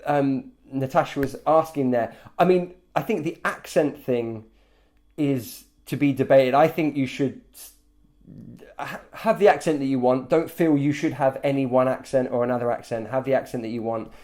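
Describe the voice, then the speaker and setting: A man's voice: medium pitch, moderate pace. A man who teaches English, chatting casually with many fillers and restarts. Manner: relaxed, rambling with many fillers. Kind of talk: casual chat.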